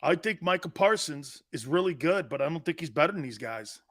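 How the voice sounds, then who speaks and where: A middle-aged man hosting a sports talk show in casual chat, laughing often and breaking into loud outbursts. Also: on the high side, lively intonation, fairly quick, no echo, clean studio sound.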